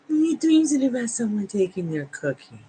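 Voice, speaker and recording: A woman's voice: on the high side, dark tone, slight background noise, rough recording. A woman hosting a casual tarot livestream at home, reading out answers to viewers and cooing at her dogs on the couch. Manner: cooing baby talk to her dogs between chat replies.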